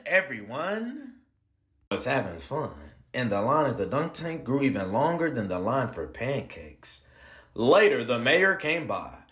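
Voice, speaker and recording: A man reading a children's picture book aloud with expressive delivery and playful slang asides. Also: fairly high pitch, husky. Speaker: read-aloud narrator.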